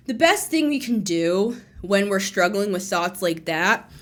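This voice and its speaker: A woman's voice: mid-range voice, lively intonation, measured pace. A young woman hosting a tarot channel, talking casually and rambling, correcting herself and laughing between thoughts. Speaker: tarot reader and channel host. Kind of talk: casual spiritual talk to camera.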